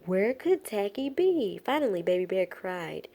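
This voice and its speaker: A woman reading a children's picture book aloud in a playful, expressive way. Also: medium pitch, unhurried. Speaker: storyteller.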